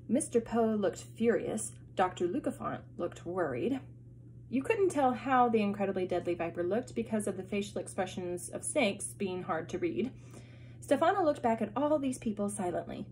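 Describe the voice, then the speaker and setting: A woman teacher reads a chapter book aloud to her class, expressive and pausing for asides. Her voice sits at a middle pitch. A faint hiss runs underneath.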